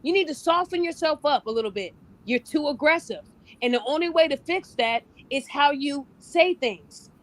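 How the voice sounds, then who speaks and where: A woman's voice: sits high, normal speed. A woman hosting a podcast and coaching relationships, talking bluntly and casually, often acting out the people she quotes. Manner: blunt, animated, acts out quoted voices.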